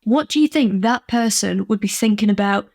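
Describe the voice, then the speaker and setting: A woman's voice: mid-range voice, normal speed, darkish tone. A woman business coach from England giving an earnest, emphatic motivational vlog talk, acting out little quoted exchanges.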